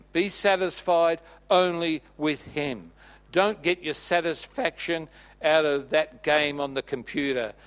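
A man preaching a sermon, earnestly urging his congregation and dropping his voice soft for emphasis. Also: on the high side, clean tone. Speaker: pastor.

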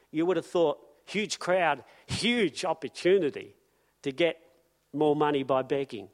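A man preaching a sermon in an earnest manner, repeating key phrases for emphasis. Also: on the high side.

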